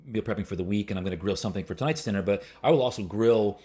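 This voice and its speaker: A man's voice: fairly low pitch, racing, warm tone. A man, a guest chef, chatting enthusiastically and rambling with fillers. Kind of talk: casual chat.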